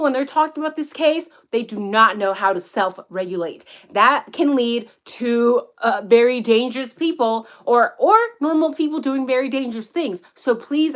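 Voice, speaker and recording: A true-crime commentator streams live from outdoors in the woods, her voice on the high side. She's casual, profane and excitable, rambling as she reads through the chat.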